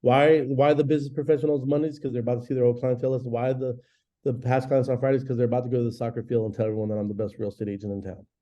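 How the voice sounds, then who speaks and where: A man in his forties runs a real estate training class with a very dark, mellow tone. He talks energetically and conversationally, slipping into quick acted-out phone calls. The recording sounds dull and lo-fi. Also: mid-range voice, flat delivery. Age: 40s. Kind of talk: live training class talk.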